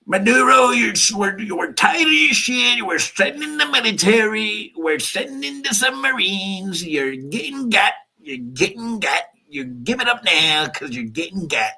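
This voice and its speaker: A man's voice: high-pitched, sing-song, unhurried, creaky, few pauses, pushed and bright, pitched above the performer's own voice, exaggerated voice. A man putting on the voice of a brash older politician, crude and swaggering in his threats. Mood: shouting, blustery.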